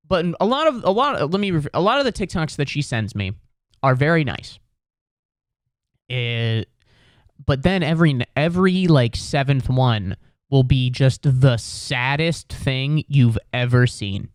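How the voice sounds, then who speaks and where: In a clean studio recording without echo, a young male podcast host delivers a comedic rant at a moderate pace. His medium-pitched voice swings widely in pitch as he swears, sounds exasperated and sarcastic, and slips into put-on voices for the people he quotes.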